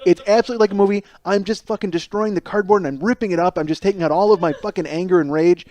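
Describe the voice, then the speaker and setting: A man's voice: sits high, racing, darkish tone. A man hosting a podcast, telling a profane, self-mocking comic story alone and acting out the people in it. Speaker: podcast host. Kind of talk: comedic storytelling monologue.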